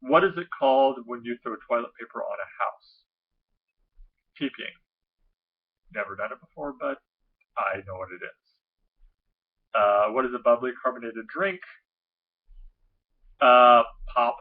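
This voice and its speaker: Slow husky-voiced man from central Illinois. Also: mid-range voice, phone-quality sound. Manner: slow, hesitant, with many "uh" fillers. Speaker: vlogger. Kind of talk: casual accent tag reading.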